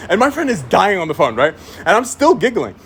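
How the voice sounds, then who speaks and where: A young man telling a casual story with animated delivery, laughing often and mimicking people. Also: sits high, a little fast, a little hiss or hum.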